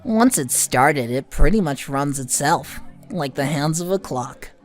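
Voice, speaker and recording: A woman voicing an excitable, mischievous young twin boy with a brash manner in an audiobook. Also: low voice, a little slow, soft background music. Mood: casual.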